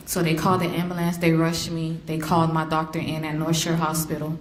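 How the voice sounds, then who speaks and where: A woman speaking as a victim's mother in court, an animated storyteller who acts out the voices she quotes. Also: low-pitched, quick pace, hardly any pauses. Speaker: victim's mother giving an impact statement. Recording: roomy courtroom, faint hiss.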